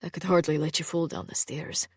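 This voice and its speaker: A woman voicing an immortal male swordsman who speaks in a low, quiet, dryly amused undertone. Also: steady tone, fairly quick, slightly rough, dry recording, clean studio sound. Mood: hushed. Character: gruff immortal male swordsman, dry wit.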